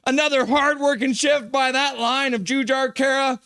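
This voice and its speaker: A man hosting a live hockey reaction stream, calling the plays and reading out chat messages in an excitable way. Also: very high-pitched, normal speed, smooth, dry recording, clean studio sound. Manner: excitable play-by-play, reads chat aloud.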